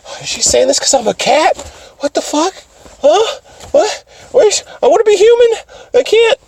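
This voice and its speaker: A man voicing a panicked female cartoon cat who wants to be human, talking in a frantic, squeaky, profane way. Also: sing-song, moderate pace, creaky, a little mellow, full character voice.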